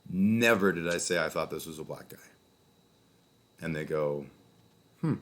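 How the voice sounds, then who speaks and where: A man in his thirties from Calgary telling a personal story as a vlogger in a casual monologue, profane and sardonic, with sudden loud outbursts. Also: low voice, normal speed, long pauses. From Calgary, Canada.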